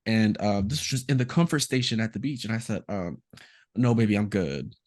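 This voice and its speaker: A man's voice: on the low side, a little fast. A man hosting a casual podcast, telling a story and acting out the quotes in it. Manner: animated storyteller, acts out quotes. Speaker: podcast host.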